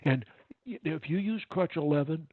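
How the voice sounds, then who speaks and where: A man coaching a client on speaking, emphatic and deliberate, repeating his key points. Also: a little high, expressive, no echo. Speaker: speech coach. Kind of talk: coaching session. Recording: dry tinny phone-like line.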